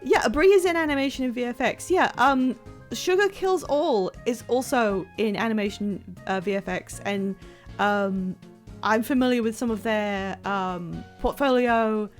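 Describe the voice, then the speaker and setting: A woman chatting casually on a live stream while playing a game, excitable and self-deprecating, rambling from one thought to the next. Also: fairly high pitch, measured pace, faint music behind. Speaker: livestreamer playing a video game.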